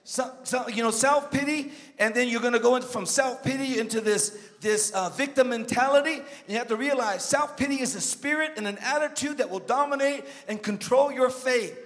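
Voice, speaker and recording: A man preaching a sermon as a guest pastor, swinging from emphatic shouts to low joking asides to the congregation. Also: fairly quick. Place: church sanctuary. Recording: long church reverb.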